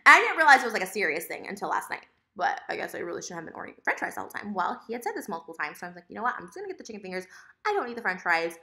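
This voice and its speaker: A young woman talks straight to camera in a quick, lively rant, her pitch swinging all over the place. Her voice is bright and a little sharp, and her tone is sassy and worked up. It is a casual home vlog. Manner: fast, animated, sassy ranting. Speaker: vlogger.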